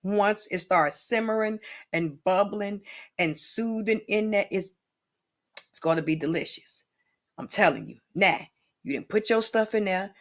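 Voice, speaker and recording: A woman's voice: medium pitch, a little slow, fairly bright tone. A woman hosts an improvised comedy cooking show at a loose, meandering pace. She talks in a playful way and keeps turning to the viewer with chatty asides. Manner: rambling, playful and boozy-toned, with lots of asides to the viewer.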